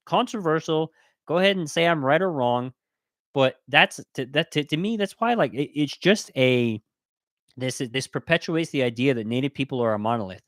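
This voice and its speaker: A man co-hosting a podcast, giving his opinion in a casual, emphatic way, his voice jumping higher when he gets worked up, with many restarts and rhetorical questions. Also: a bit bright, no echo, clean studio sound. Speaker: podcast co-host.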